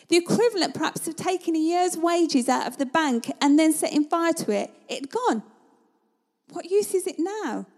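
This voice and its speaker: Woman preacher, high and mellow, vivid storyteller. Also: animated, moderate pace. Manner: conversational, vivid storytelling, sometimes drops to a hush. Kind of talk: sermon.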